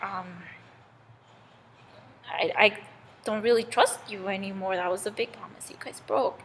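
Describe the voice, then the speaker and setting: A woman's voice: mid-range voice, fairly even intonation, measured pace, a little hiss or hum, voice pushed down, natural voice. A woman playing a stern king of the gods. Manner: scolding, firm. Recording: long reverb in a hall.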